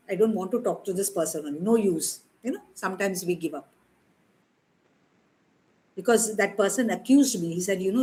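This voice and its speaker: A woman's voice: medium pitch, rough recording. A woman in her thirties with an Indian English accent, preaching an emphatic sermon and acting out her prayers to God. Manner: emphatic, repeats words for stress.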